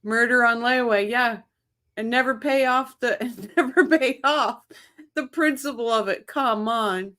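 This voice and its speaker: A woman hosting a casual livestream, chatting excitedly, laughing often and reading viewer comments aloud. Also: on the high side. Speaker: livestream host. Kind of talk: casual live-chat commentary.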